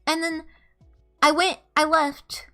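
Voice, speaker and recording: A young woman streamer casually telling a story to her chat, animated and swearing freely, often breaking into laughter. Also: high voice, slow pace, soft background music.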